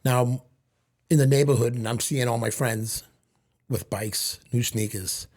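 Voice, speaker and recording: A middle-aged man from Lawrence, Massachusetts, telling stories from his childhood as a podcast guest and acting out quick bits of back-and-forth dialogue. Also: medium pitch, fairly even intonation, a little mellow. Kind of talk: storytelling in casual conversation.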